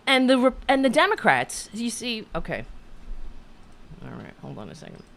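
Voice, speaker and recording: A woman hosting a political commentary show, ranting angrily with cursing and halting restarts. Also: a little high, huge pitch swings, gravelly, fairly bright tone. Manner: profane, heated, halting restarts. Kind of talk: angry political rant.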